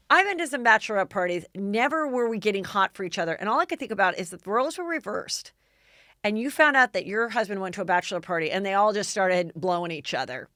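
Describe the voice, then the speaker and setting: Lady podcast host gossiping fast and frank, mid pitch, dry close mic. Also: a bit bright, no room sound. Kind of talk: casual gossip chat.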